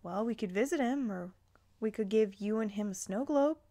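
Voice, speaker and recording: A woman voicing a devoted male elf, in a soft, gentle tone. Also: mid-range voice, moderate pace, lightly acted. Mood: tender.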